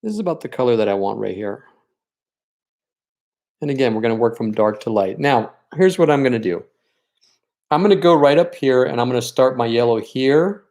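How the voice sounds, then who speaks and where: A man leads a live-streamed painting lesson at a relaxed, talkative clip. He encourages his viewers as he works through each step and gets openly sentimental about the students he misses. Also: mid-range voice, a little fast, long pauses. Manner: chatty and encouraging, talks while working. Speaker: art teacher leading a paint night.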